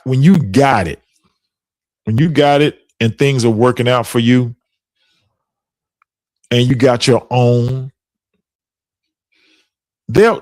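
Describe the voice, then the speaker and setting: A man's voice: medium pitch, darkish tone, dry recording. A middle-aged man hosting a podcast, telling stories in a casual chat and laughing often. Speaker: podcast host.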